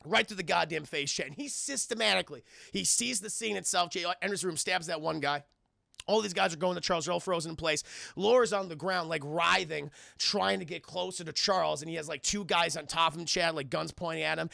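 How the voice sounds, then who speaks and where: A man excitedly recapping a film scene by scene on a live stream, swearing freely and constantly addressing his chat. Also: on the high side, fairly quick, creaky, no room sound, clean studio sound.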